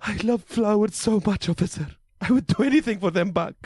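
A man's voice: high voice, brisk, darkish tone, no room sound, clean studio sound. A man putting on a flower-mad father pleading with police. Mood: doting. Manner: pleading, rambling. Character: fussy immigrant father obsessed with his flowers.

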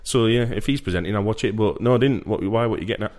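A man's voice: on the low side, fast, a little mellow. A man, co-hosting a podcast in casual chat and rambling jokily from one idea to the next. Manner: rambling and jokey. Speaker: podcast co-host. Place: home room.

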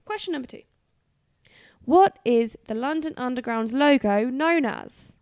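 Female quiz host, raspy edge, brisk and teasing, dry studio sound. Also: high-pitched, lively intonation, darkish tone, no echo. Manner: teasing, brisk question reading. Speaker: podcast host, quizmaster. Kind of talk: playful quiz banter.

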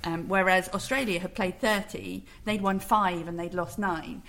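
Woman panelist, kinda low voice, quick, reasons through numbers. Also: fairly even intonation, vocal fry, fairly bright tone. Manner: quick, thoughtful, citing stats. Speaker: podcast panelist. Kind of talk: casual chat.

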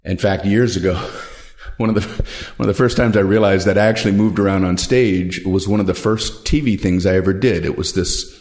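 A male stand-up comedian answering interview questions in a thoughtful, halting, self-deprecating way. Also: sits low, darkish tone.

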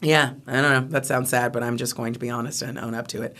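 An American woman, a comedian, in a casual interview chat, animated and laughing, with trailing restarts. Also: rumbling low, fast talker. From United States. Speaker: comedian guest.

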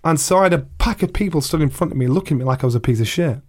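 A middle-aged man with an English accent, a guest telling a story in a relaxed interview, lively and acting out other people's voices. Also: a little high, racing. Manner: animated, acts out voices of people in his stories, swears. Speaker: guest, retired boxer.

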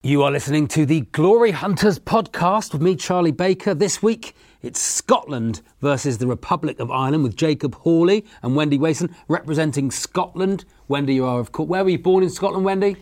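A man's voice: on the high side, lively intonation, a little fast, few pauses, darkish tone. A man hosting a comedic football podcast, teasing his guests. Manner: teasing, jokey. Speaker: podcast host. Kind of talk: comedic football panel chat.

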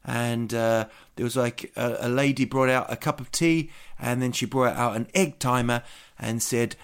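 A man's voice: medium pitch, steady tone, moderate pace, clean tone. A man with a New Zealand accent hosting a podcast, talking in a rambling, jokey, chatty way. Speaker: podcast host. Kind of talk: casual chat.

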